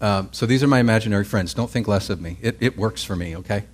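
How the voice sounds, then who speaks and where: A man's voice: fairly low pitch, fast talker, breathy edge. A man preaching a sermon as pastor, in a conversational way, often checking in with listeners and restarting his phrases. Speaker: pastor teaching a Bible class.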